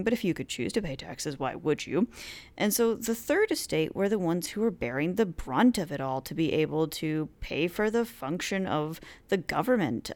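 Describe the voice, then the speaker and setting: Woman host, lowish and very lively pitch, casual chatty history lecture, playful asides. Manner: chatty, playful, many "uh" fillers.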